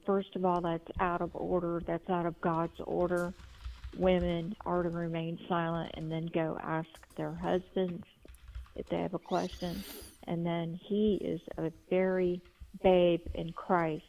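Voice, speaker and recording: A woman's voice: on the low side, gravelly. A woman caller telling a story on a phone line, rambling, with frequent restarts. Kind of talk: call-in testimony. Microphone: telephone. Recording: tinny phone line, dry.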